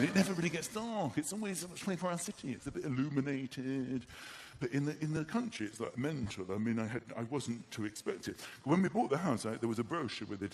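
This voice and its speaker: Animated male stand-up comedian. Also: medium pitch, a little hiss or hum. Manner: animated storytelling with acted-out voices. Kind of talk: stand-up routine. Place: live comedy venue stage.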